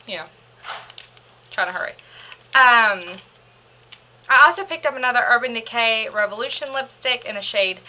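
Her voice is fairly high, pushed and bright as this young beauty vlogger chats through a makeup haul. She rambles and gushes with lots of fillers, a bit breathless from hurrying.

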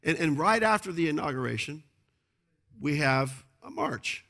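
A man's voice: a little high, animated, normal speed, creaky, pushed and bright. A male pastor preaching a sermon, emphatic and repetitive, often asking the congregation to agree.

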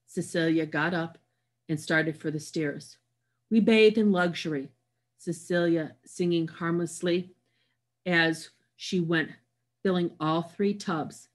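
Woman audiobook narrator, low-pitched, expressive first-person storytelling.

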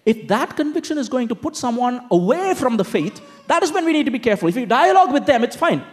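High-voiced animated male preacher. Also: fast talker. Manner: conversational, animated preaching with frequent "you know" and "okay?". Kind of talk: sermon.

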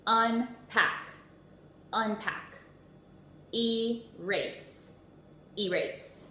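A woman teaching a phonics lesson to young children, sounding out words slowly and clearly and praising often. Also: medium pitch, bright, forceful tone. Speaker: first grade teacher. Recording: echoey room with faint noise.

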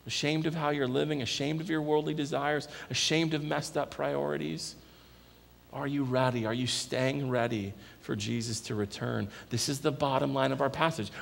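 A man's voice: medium pitch, creaky. A man preaching a sermon as pastor, pressing his listeners with earnest, repeated questions. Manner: earnest, repetitive rhetorical questions. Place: church sanctuary. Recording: echoey church hall with long reverb.

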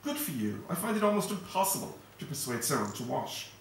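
Man doing a haughty novelist mum, disdainful and fussy, voice up high, far off in a big echoey room. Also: sing-song, brisk, slight background noise. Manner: fussy, disdainful, cuttingly polite. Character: prim, haughty female novelist mother. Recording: echoey hall, distant mic.

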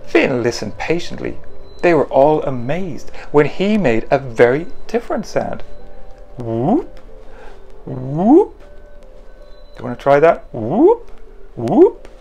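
A man, the author, reading his children's picture book in an animated, playful way and making the sound effects himself. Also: on the high side, normal speed, gravelly, faint music behind.

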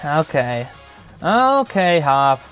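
A man's voice: fairly high pitch, big pitch swings, extremely slow, a bit bright, faint music behind. A young man hosting a gaming channel, giving chatty, joking gameplay commentary full of filler words.

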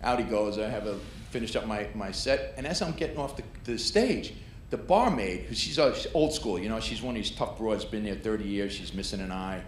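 A man's voice: fairly low pitch, animated, a little fast. A middle-aged man doing a stand-up set, telling a brash, punchy story and working the crowd. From New York. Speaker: stand-up comedian. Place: comedy club stage. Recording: echoey club with audience noise.

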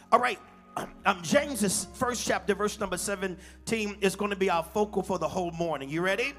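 Male pastor, high gravelly voice, call-and-response sermon, live church stream with music. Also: fairly quick, a bit bright. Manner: call-and-response preaching, sings phrases. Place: large church.

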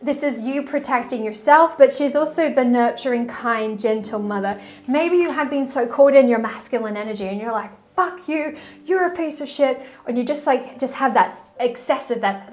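Bubbly higher-voiced woman spiritual coach. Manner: animated and effusive, breaks into song. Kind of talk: casual spiritual vlog.

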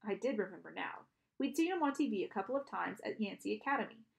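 A woman's voice: mid-range voice, expressive, fast, creaky. A woman reading a storybook aloud, narrating and voicing the characters, with small restarts and self-corrections. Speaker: audiobook reader.

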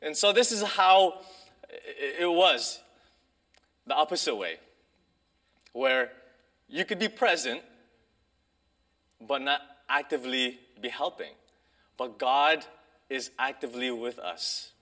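Bright-voiced man preaching a sermon. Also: medium pitch. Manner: conversational, pausing, restarts with fillers. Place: church sanctuary.

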